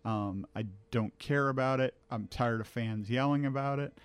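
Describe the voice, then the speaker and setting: A man co-hosting a casual sports podcast, giving blunt opinions in a halting way, with many fillers and restarts. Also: mid-range voice, clear, resonant tone. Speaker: podcast co-host.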